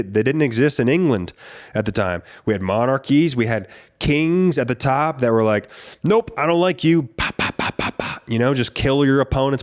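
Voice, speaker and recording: Man, podcast host, casual sweary storyteller, average pitch. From United States. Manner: profane, rambling, animated.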